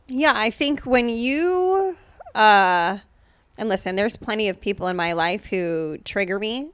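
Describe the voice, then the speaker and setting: A woman's voice: medium pitch, fairly bright tone, dry recording. A woman hosting a podcast in a casual chat, sarcastic and profane, with lots of filler words. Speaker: podcast host.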